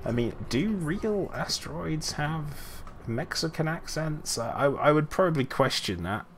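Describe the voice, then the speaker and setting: A man's voice: a little high, lively intonation, unhurried, a bit bright, slight background noise. A man streaming a game and chatting casually while playing, rambling and correcting himself, often laughing. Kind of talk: casual gameplay chat.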